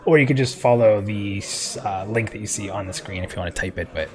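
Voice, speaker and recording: A man's voice: on the low side, quick pace. A man hosting a live stream show in casual chat, joking and chatty, laughing often.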